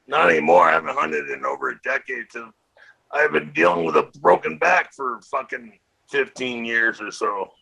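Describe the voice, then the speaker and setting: A man's voice: mid-range voice, very animated, moderate pace, vocal fry, bright, forceful tone, low-quality recording. A man chatting casually on a podcast, plainspoken and swearing now and then.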